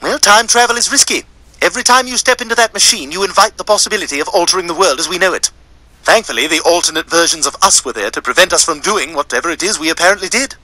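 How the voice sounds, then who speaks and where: A fussy know-it-all time traveler from a cartoon, lecturing in a precise, high voice. He talks fast and sounds very bright and sharp. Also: no room sound, full character voice, low-quality recording.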